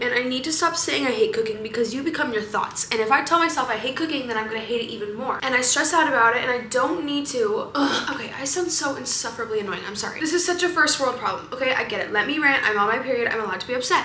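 A woman's voice: a little high, fast, hardly any pauses, sharp tone, a little hiss or hum, poor audio. A teenage woman vlogging in a chatty, rambling, candid way, often venting and filling her talk with "like". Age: late teens. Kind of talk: casual vlog chat.

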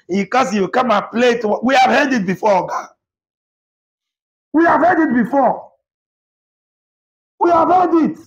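A Nigerian man, a pastor, delivering a fiery rebuke to camera, shouting and repeating himself as he mixes Pidgin with English. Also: extremely high pitch, highs cut off.

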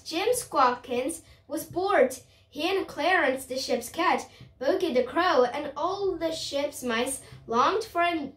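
Brief: female storybook reader, slow careful halting read, bright voice, recorded from a distance. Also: high-pitched. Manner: careful, halting reading with restarts. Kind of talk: reading a storybook aloud.

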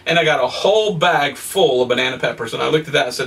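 A male evangelist teaching a sermon in a folksy, animated way, reading scripture and telling homey stories with excited exclamations. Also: mid-range voice, fast talker, recorded from a distance.

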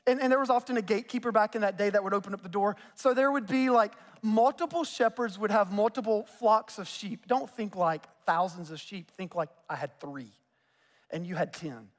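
A man in his forties with a Southern US accent, preaching a conversational sermon with quick joking asides. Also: sits high. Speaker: pastor. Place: church sanctuary. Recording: long reverb of a church hall.

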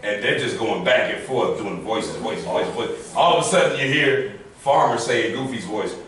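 A man's voice: fairly low pitch, normal speed, fairly bright tone. A man on a convention panel bantering with a co-panelist, with laughing, joking asides. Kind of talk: casual banter. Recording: echoey hall from far off.

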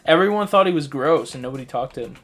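A man's voice: fairly high pitch, animated, fast talker, faint music behind. A man co-hosting a crude comedy gaming show, rambling through profane tall tales. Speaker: co-host.

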